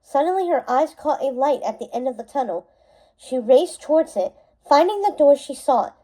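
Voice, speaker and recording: High, mellow woman reading a storybook. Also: rough recording. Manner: steady narration with small slips and self-corrections. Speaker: storybook reader. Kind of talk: reading a novel aloud.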